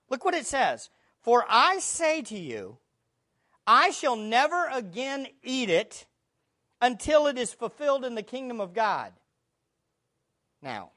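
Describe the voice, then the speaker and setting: A woman preaching a sermon, teaching from the Bible in an earnest, emphatic way and asking rhetorical questions. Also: mid-range voice.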